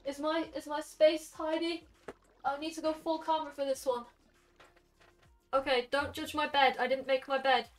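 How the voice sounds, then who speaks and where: A young woman streaming from her bedroom, chatting excitedly and gushing to her viewers. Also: sits high, normal speed, soft background music. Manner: excitable, gushing, talks to chat. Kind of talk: casual live-stream chat.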